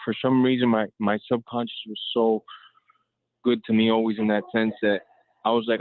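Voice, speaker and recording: A low-voiced man speaks in a flat, even tone, loose and candid with many fillers. He comes through a tinny, phone-like call line. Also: normal speed. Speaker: guest, fight promoter. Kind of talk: casual phone interview.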